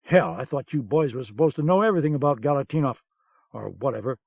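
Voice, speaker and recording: A man's voice: medium pitch, lively intonation, fast talker, creaky, breathy edge, no room sound. A man reading an audiobook, voicing a blunt and skeptical American officer in a dull cassette-era recording. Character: brash, gruff American officer.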